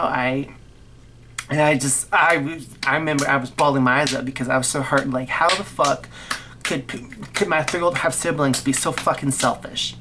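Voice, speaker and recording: A young woman with a notably low voice tells a personal story to her vlog audience. She talks bluntly and swears freely, rambling and restarting her sentences as the feelings come through. A faint hiss of noise sits under her voice. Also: fairly quick, fairly bright tone. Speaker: vlogger.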